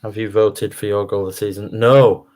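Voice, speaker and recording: A man co-hosting a live football fan watchalong, reacting excitedly to the play and chatting with his co-hosts. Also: fairly low pitch, moderate pace. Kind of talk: live match commentary chat.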